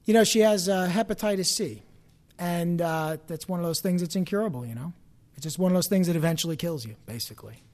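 A man preaching a sermon, rising loud when he quotes scripture and dropping quiet for personal stories. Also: high voice, quick pace.

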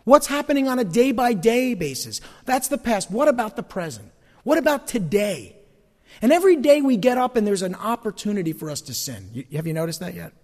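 Animated high-voiced male pastor preaching. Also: a little fast, in a large hall. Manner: animated preaching, folksy asides. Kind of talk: sermon.

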